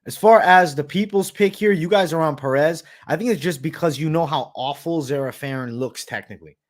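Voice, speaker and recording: On a live betting show, the male host talks a little fast in a voice on the higher side. His casual, profane banter is full of "bro" as he fields questions from viewers.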